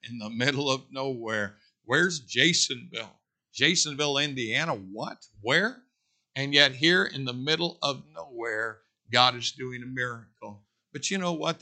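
A man preaching from the pulpit. His tone is very bright and forceful. He talks in a folksy way and climbs to loud, emphatic peaks. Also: mid-range voice. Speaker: pastor. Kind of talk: sermon.

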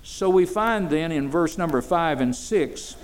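A man's voice: fairly high pitch, expressive, measured pace, a little hiss or hum. An older man, preaching a sermon in a folksy way that builds to fervent emphasis. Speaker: pastor.

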